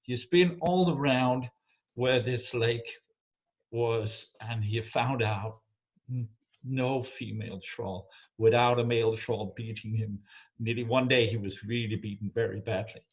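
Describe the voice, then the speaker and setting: Guy telling a troll story, stops and restarts a lot, keeps asking "right?". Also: mid-range voice. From Denmark. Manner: halting, warm, repeats words, asks listener for agreement. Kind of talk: oral folk storytelling.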